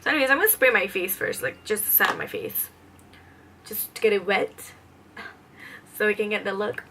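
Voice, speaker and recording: A woman's voice: medium pitch, lively intonation, normal speed, bright, forceful tone, a little hiss or hum, poor audio. A young woman vlogging a makeup tutorial, rambling chattily with lots of fillers between steps. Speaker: beauty vlogger. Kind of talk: casual makeup tutorial chat.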